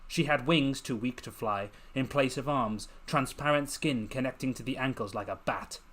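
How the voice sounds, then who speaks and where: Brief: male author-narrator, mid pitch, slow dramatic storybook reading. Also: a bit bright. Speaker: author reading his novel. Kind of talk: scripted narration.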